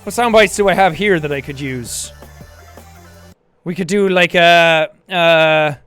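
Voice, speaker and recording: A man hosting a casual livestream, chatting in a jokey, excitable way, with bursts of shouting and laughter. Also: on the high side, a little slow, smooth. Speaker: livestream host. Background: faint background music.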